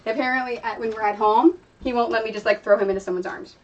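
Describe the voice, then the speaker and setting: A woman's voice: fairly high pitch, fairly even intonation, fast, dull audio. Chatty woman streamer heard from afar. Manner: chatty, rambling, talks to her dogs. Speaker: streamer and quilter. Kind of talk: casual chat while sewing. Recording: distant mic with faint noise.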